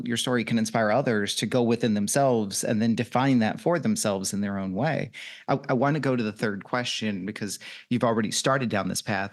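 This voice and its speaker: Low-voiced, affirming male podcast host. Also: vocal fry. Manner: affirming, guiding questions. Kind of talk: interview conversation.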